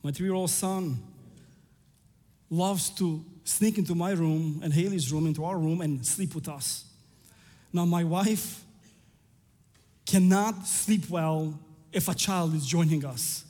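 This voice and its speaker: A man's voice: on the high side, slow, long pauses, warm tone, in a large hall. A man in his thirties preaching a sermon, telling a family story and building to fervent climaxes.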